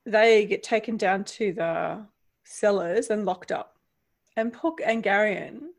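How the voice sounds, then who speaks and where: A woman co-hosting a casual book discussion, retelling the story with lively feeling and laughing often. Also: mid-range voice, slow pace, vocal fry. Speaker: podcast co-host.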